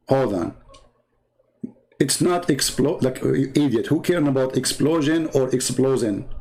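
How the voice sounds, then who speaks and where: Brief: gravelly-voiced livestream host, Arabic accent, sarcastic and mocking, mid-pitched male voice. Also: moderate pace, darkish tone. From Middle East. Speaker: live stream host. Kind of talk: casual livestream monologue.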